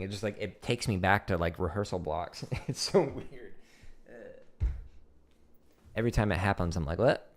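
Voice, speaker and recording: A man's voice: fairly low pitch, a little mellow. A man teaching drum rudiments on a home livestream, chatty and loose, with lots of "like" fillers, counting patterns aloud into a desk mic. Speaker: drum instructor streaming. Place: home practice room. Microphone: desk microphone.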